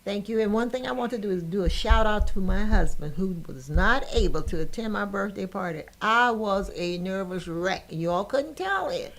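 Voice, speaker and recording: A woman's voice: medium pitch, lively intonation, normal speed, few pauses. An older woman hosting a podcast, telling a personal story with emotion and laughter. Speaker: podcast host.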